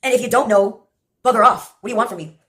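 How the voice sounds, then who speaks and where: A woman's voice: fairly high pitch, quick pace, a bit bright. A woman from Texas in a rambling, sarcastic monologue, swearing and laughing often as she jumps between topics. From Brownsville, Texas.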